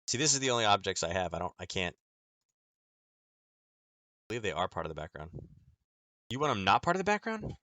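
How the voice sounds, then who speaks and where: Low-voiced man talking through trading charts. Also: big pitch swings, a little fast, pauses often, sharp tone, dry recording. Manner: loose and chatty, full of "um" and "like", talking to viewers. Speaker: trading educator hosting a nightly chart stream. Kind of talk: casual live chart commentary.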